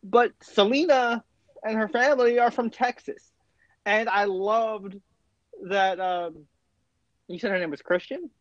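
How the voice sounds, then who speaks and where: A man's voice: sits high, steady tone, unhurried, long pauses, no echo. A man co-hosting a podcast, chatting enthusiastically about a TV series with lots of fillers and restarts. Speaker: podcast co-host. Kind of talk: casual chat reviewing a TV series. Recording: dull lo-fi dry mic.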